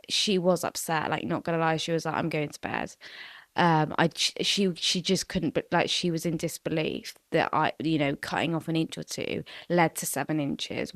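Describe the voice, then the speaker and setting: A woman's voice: fairly low pitch, a bit bright, no room sound, clean studio sound. A woman in her twenties hosting a podcast solo, telling a story in a chatty, sweary way full of "like" fillers. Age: 20s. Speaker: podcast host. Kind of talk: casual solo podcast chat.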